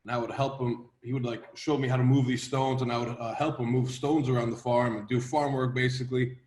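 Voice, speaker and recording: A man in his thirties from Latvia, a strongman guest telling his story in a steady, measured way in a casual interview. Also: medium pitch. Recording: roomy echo.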